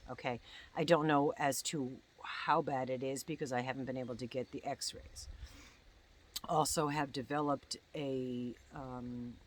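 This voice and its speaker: A woman in her sixties, a crochet vlogger, rambling in casual chat at home and often breaking off her own sentences. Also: low voice. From United States. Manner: chatty, meandering, self-interrupting.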